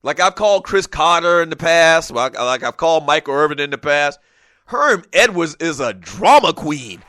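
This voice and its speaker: A man hosting a sports talk show in a studio, delivering a passionate, animated monologue that often escalates into shouting. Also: a little high, normal speed, no echo, a faint crowd. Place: radio studio.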